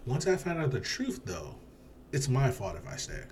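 A man's voice: mid-range voice, sing-song, normal speed, darkish tone, a little hiss or hum. A man in casual conversation, talking bluntly with strong opinions and casual swearing. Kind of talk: casual chat.

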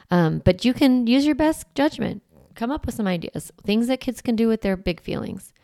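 Gravelly-voiced woman parenting coach. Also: on the low side, no room sound, clean studio sound. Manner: earnest, gentle, explains with examples and fillers. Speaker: parenting coach and podcast host. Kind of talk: conversational advice podcast.

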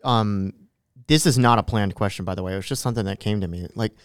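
A man hosting a casual interview, chiming in with quick, curious questions. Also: on the low side, smooth, dry recording, clean studio sound. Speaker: podcast host.

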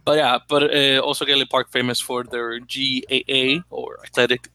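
A man co-hosting a casual podcast chat, rambling and halting with fillers and restarts. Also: mid-range voice, flat delivery, bright, forceful tone, no echo. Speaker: podcast co-host. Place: New York.

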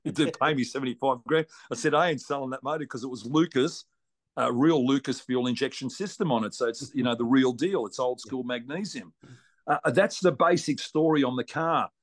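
With a mid-range voice and moderate pace, this Australian-accented racing guest spins a lengthy story. His casual telling is blunt, colloquial, and salty.

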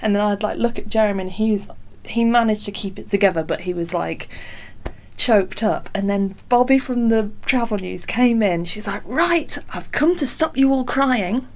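A woman talks casually as an interview guest, rambling and self-deprecating, sprinkling "like" through every thought. Her pitch sits in the ordinary middle range for a woman. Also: moderate pace, darkish tone. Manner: chatty, self-deprecating, full of "like". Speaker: singer-songwriter guest.

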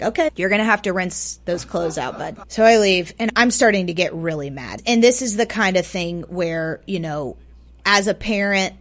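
A woman telling a personal story as a radio guest, swinging between loud and hushed, often repeating words for emphasis. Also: medium pitch. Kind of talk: personal story told aloud. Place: radio studio.

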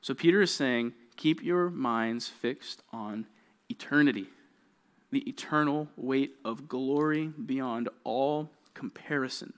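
A young man leading junior high kids as their youth pastor speaks slowly while telling a childhood story. He talks conversationally and often checks in with the group.

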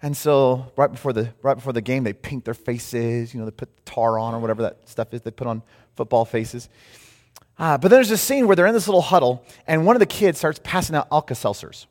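A man preaching a sermon, telling a story with lively shifts in volume and pace. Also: mid-range voice, brisk. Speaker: pastor. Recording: reverberant hall.

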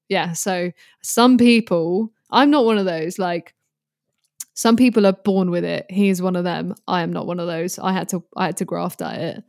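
A woman in her twenties, a guest musician chatting casually on a podcast, animated and swearing freely with plenty of fillers. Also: fairly low pitch, normal speed, vocal fry, dry recording, studio quality. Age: 20s.

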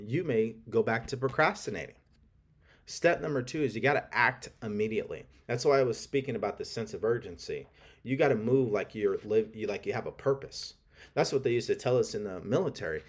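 Emphatic man giving a motivational talk. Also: medium pitch. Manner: emphatic, repetitive, coaching tone. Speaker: podcast host.

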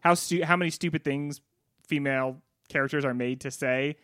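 A man's voice: on the high side, fairly even intonation, normal speed, a bit bright, clear, resonant tone, no room sound, clean studio sound. A man co-hosting a casual movie podcast, joking and acting out quotes. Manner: jokey, acts out quotes. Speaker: podcast co-host.

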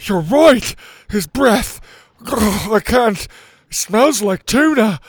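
A man voicing an excitable young platypus in a high, squeaky, frantic voice. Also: extremely slow, breathy edge, dry recording, studio quality, exaggerated voice. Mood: panicked. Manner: frantic and breathless.

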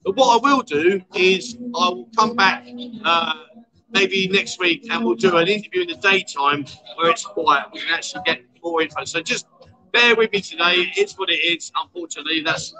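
A man's voice: sits high, lively intonation, normal speed, bright, forceful tone, rough recording. A man hosting a casual livestream chat show from a bar at night, joking with his guest and reading out viewer comments. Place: bar in a noisy city street at night.

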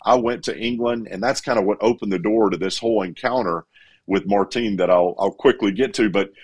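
Being interviewed, a middle-aged evangelist spins a long personal story with animated energy, acting out the quotes. His voice is somewhat low and husky, and he talks a little fast.

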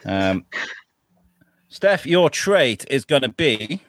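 Man, podcast host, chatty, stop-start, lively pitch, dry close mic. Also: takes it slowly, dry recording. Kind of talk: casual chat, running improv games.

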